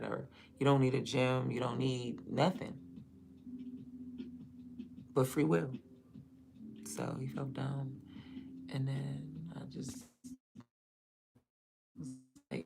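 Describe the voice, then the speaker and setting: A young woman talks on her livestream in a low, deep voice. Her voice has a gravelly fry. She rambles in a blunt, profane, casual way. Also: slight background noise. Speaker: livestream host.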